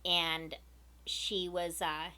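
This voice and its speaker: A woman earnestly telling a personal story to her viewers, emotional and unhurried. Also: on the low side, little pitch movement, pushed and bright. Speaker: vlogger.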